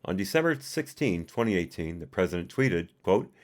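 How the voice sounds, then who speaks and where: A man's voice: sits low, sing-song, moderate pace. A man doing a live reading of a report, reading the punctuation aloud and adding his own asides. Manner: reads punctuation aloud and adds personal asides. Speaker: reader and commentator.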